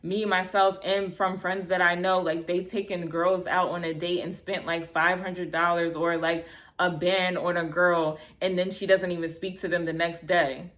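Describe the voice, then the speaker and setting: A vlogger in her thirties tells a storytime-style account of a bad date to the camera, animated and exasperated, acting out both sides of the conversation. Her voice is on the low side at a normal pace, and her casual retelling is full of "like" and casual swearing.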